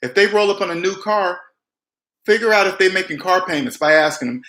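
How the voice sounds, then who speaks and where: A man giving emphatic personal finance advice straight to camera, mimicking people with big jumps in pitch. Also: animated, fairly quick, sharp tone, echoey room. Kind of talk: direct-to-camera advice talk.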